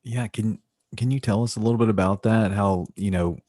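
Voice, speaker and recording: A man's voice: on the low side, fairly even intonation, fairly quick, warm tone, no echo, studio quality. A male podcast host asking long, winding questions that retell the guest's story. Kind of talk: interview questions.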